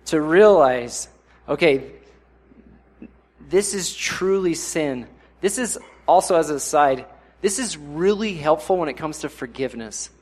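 A young man preaches in a relaxed, conversational way, his voice pitched a bit higher than most men's. He often breaks into short, louder acted-out voices before settling back into an easy, talky delivery. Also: measured pace. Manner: conversational, acts out inner voices with sudden louder bursts. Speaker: pastor. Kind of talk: sermon.

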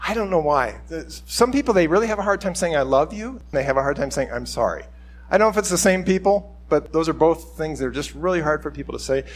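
A middle-aged pastor teaching in a loose, conversational way, with a voice sitting a little high for a man. He rambles a bit and slips into little acted-out quotes of what people say. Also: animated, fast. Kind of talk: informal sermon teaching.

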